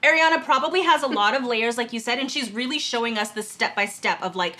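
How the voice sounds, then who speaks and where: A woman in a pop group co-hosting a reaction video, chatting in a giggly, excitable way. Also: fairly high pitch, fast talker, few pauses. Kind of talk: casual chat.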